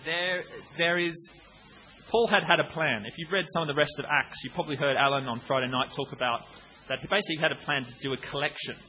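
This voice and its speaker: A man in his late thirties preaching a conversational sermon, breaking into acted-out shouts now and then. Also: a little high, fairly even intonation, quick pace, slight background noise, poor audio. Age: 30s.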